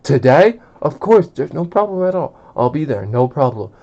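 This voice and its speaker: A man's voice: a little high, very animated, normal speed, dark tone. Frazzled busy mom, read by a man. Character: frazzled busy working mother. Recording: dull lo-fi.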